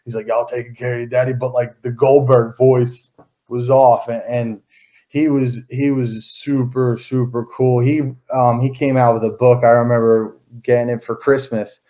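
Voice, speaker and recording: A man's voice: mid-range voice, little pitch movement, a little slow, mellow. A man in his thirties, an interview guest, telling stories in a rambling casual way with many fillers and restarts.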